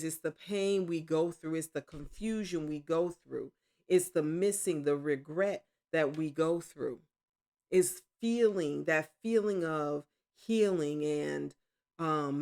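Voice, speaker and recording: A woman giving a casual tarot reading at home, rambling and correcting herself, with excited exclamations. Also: fairly low pitch. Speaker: tarot reader.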